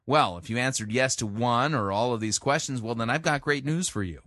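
A man's voice: a little fast, a bit bright, no echo, studio quality. A man hosting a podcast, delivering a sarcastic monologue styled like an infomercial, emphatic and list-driven. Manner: mock sales-pitch delivery, emphatic lists. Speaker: podcast host.

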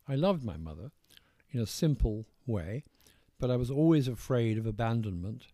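Older English author, posh accent, warm low tone, halting and reflective, dry close mic. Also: male voice, animated, dry recording. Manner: measured, hesitant, circles back with restarts. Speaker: author being interviewed. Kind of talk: reflective interview conversation.

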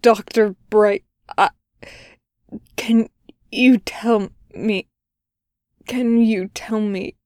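A woman's voice: medium pitch, steady tone, no room sound, studio quality. A woman reading as a ragged, starving man. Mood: desperate. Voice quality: ragged, rasping. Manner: hushed, halting. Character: starving, desperate young man on phone.

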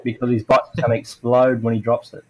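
A man's voice: mid-range voice, a little fast, rough recording. A middle-aged man in casual chat, telling racing stories with lots of fillers and acted-out quotes. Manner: animated storytelling, acts out quotes, many "like" fillers. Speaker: retired racer on a podcast.

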